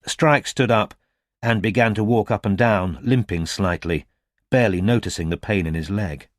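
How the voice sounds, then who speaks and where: A man reads a detective audiobook in a low, measured voice. The close studio mic leaves the sound dry and free of echo. His pace is even and unhurried. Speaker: audiobook narrator. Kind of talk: scripted narration.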